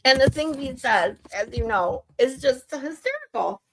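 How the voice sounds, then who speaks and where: A woman's voice: high-pitched, lively intonation, measured pace, noisy background. A woman hosting a live stream, chatty and often laughing. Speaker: streamer host. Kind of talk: casual live-stream chat.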